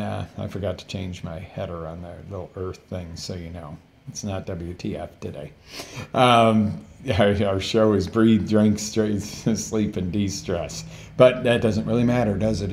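Gravelly low-voiced man coaching on a livestream. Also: darkish tone, a little hiss or hum. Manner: chatty, asks the audience many questions, self-corrects. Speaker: health coach, show host. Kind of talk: casual live-stream talk.

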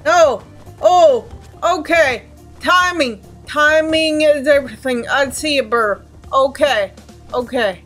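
A woman's voice: high voice, slow pace, a bit bright, faint music behind. A young woman commentating her gameplay in a casual, anxious way, exclaiming and repeating herself often. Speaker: let's play gamer.

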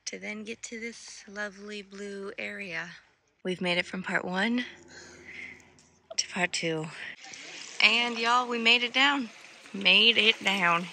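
A woman's voice: medium pitch, bright, forceful tone. A young woman, chatting casually as a travel vlogger, bubbly and full of "like". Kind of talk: casual vlog narration. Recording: outdoor vlog with clear background noise.

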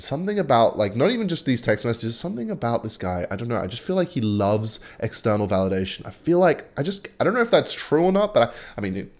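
Young Aussie guy, mid-pitched voice, chatty and animated vlog host with a loose, sweary delivery. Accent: Australian. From Australia. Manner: animated, chuckling, casual swearing. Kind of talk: casual commentary on online drama.

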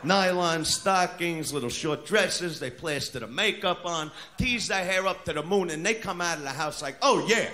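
A man doing a crude stand-up routine in a brash manner, shouting his punchlines. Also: a little high, moderate pace, few pauses. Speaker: stand-up comedian. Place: comedy club stage. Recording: live club recording with crowd noise. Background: audience laughter and noise.

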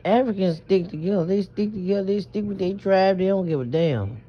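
Brisk and with hardly any pauses, a vlogger from New Orleans in the Southern US talks in a mid-range, slightly rough voice. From her bed at night, she rambles through a confessional vlog, stammering, emphatic and swearing freely. The phone recording sounds muffled and lo-fi.

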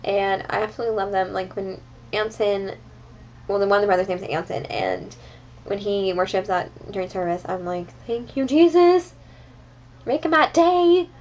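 A woman's voice: medium pitch, steady tone, normal speed, rough recording. A young woman vlogging her monthly favorites in a chatty, gushing way, full of "like" and "um". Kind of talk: casual monthly favorites chat.

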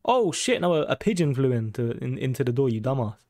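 Creaky-voiced guy doing a horror let's play, cusses a lot, jumps at stuff, mid-pitched. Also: sing-song, quick pace, a little mellow, no echo, studio quality. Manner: swears constantly, jumpy startled reactions; reads on-screen game text aloud. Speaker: gaming YouTuber.

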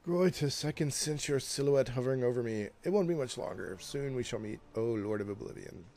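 A man's voice: medium pitch, expressive, fairly quick, warm tone, voice pushed up, natural voice. A man reading aloud as a gloomy dwarf cleric in a fantasy game, solemn and mournful, in a raised voice.

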